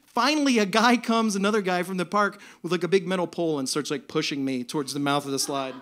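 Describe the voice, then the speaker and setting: A man telling a comic personal story live on stage, in an animated, self-mocking way. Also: sits high, quick pace, few pauses, a little hiss or hum. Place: stage at a music venue.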